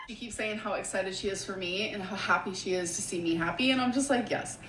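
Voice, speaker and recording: Woman vlogger, gushing and excitable, recorded in a roomy space with faint background hiss. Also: mid-range voice, a little fast. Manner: gushing, excitable, full of fillers. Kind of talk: casual vlog talk to camera.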